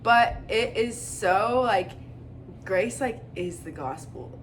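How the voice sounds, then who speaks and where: A young woman chats casually on a podcast, rambling through her thoughts with plenty of fillers and quick giggles. Her pitch sits in an ordinary middle range. A faint noise floor runs under the recording. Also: lively intonation. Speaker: podcast co-host. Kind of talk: casual faith chat.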